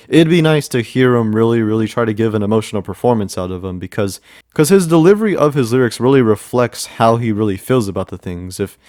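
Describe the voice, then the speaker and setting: A man's voice: fairly low pitch, darkish tone, no echo, clean studio sound. A man giving casual commentary as a music reviewer, rambling with many repeats and fillers.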